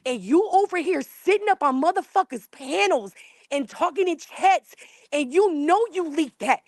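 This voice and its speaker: A woman's voice: extremely high pitch, expressive, moderate pace, no echo. A middle-aged woman on a live panel, tearful and furious, cursing and confronting someone who wronged her group. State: tearful, upset. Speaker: panel participant. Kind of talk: angry call-out on a live panel.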